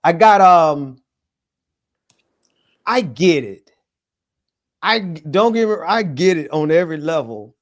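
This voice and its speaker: A man's voice: fairly high pitch, animated, slow, long pauses. A man co-hosting a casual podcast chat, talking in an emphatic, preachy way with jokes mixed in. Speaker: podcast co-host.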